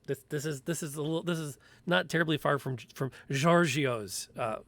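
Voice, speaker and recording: A man's voice: a little high, normal speed, a bit bright. A man running a tabletop game as game master, wry and offhand. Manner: wry, refers to himself in third person.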